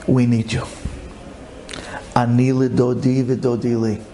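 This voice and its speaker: A rabbi giving an impassioned storytelling sermon, fervent and pleading, repeating phrases and swinging from low calm to high emotional cries. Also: male voice, slight background noise. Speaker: rabbi telling an inspirational story.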